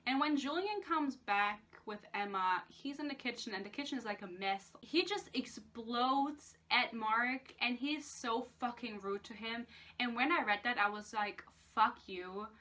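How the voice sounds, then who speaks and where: A woman's voice: a little high, expressive, unhurried, sharp tone. A young woman giving a casual, sarcastic book rant, swearing often and filling with "like". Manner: sarcastic, swears a lot, lots of "like". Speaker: book reviewer.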